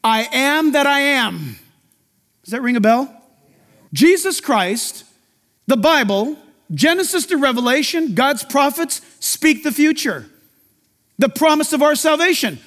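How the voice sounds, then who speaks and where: A man's voice: very high voice, a bit bright, long reverb tail. A male pastor preaching an emphatic sermon to his congregation in a church.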